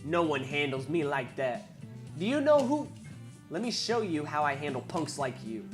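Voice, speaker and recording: A woman voicing a loud, bratty underage boy throwing a tantrum in a game. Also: low voice, animated, normal speed, faint music behind, voice pushed down.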